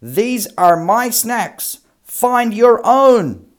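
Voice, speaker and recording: A man's voice: high voice, big pitch swings, takes it slowly, a little mellow, voice pushed up, full character voice. A man voicing a brave young male snail who speaks firmly and plainly.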